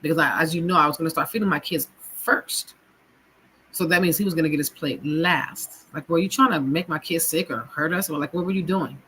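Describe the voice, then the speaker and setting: A woman recounts her own experience of abuse in a halting personal testimony. Her speech is full of fillers and restarts. Her voice sounds tense and forceful. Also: low-pitched, breathy edge, poor audio. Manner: halting, full of "you know" and "kinda" fillers. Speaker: abuse survivor sharing her story.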